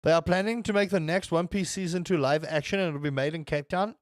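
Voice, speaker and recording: Young male streamer with a fairly high voice, rambling and swearing while he chats over gameplay. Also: fast, no echo, clean studio sound. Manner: rambling, swears, answers chat and reacts to the game. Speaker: livestreamer. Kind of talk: casual gaming stream chat.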